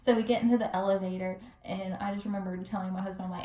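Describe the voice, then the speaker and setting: A young woman casually telling a personal story to the camera, chatty and animated, acting out what people said. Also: medium pitch, rapid-fire. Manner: chatty, animated, acts out quotes with laughs. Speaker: vlogger telling her birth story. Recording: roomy echo, recorded from a distance.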